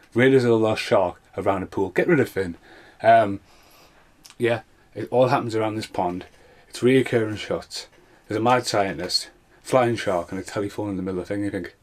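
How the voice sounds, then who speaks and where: A man with a fairly low voice talks through a run of bad films in a loose, off-the-cuff review. He is sarcastic and swears constantly. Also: normal speed. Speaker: film reviewer. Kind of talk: casual spoken review.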